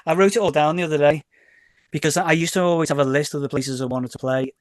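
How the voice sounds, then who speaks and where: A man's voice: fairly high pitch, fast talker, no echo. A middle-aged man from Liverpool with a Scouse accent, chatting as a guest in a casual interview, rambling and correcting himself as he tells stories. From Liverpool, England. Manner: rambling and self-correcting, often repeats words; lively storyteller who acts out quoted exchanges. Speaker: DJ and label owner, podcast guest.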